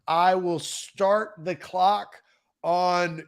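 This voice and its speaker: Playful high-voiced man hosting. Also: steady tone, extremely slow, clear, resonant tone. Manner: playful, teasing, laughs often. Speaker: podcast host. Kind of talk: casual chat.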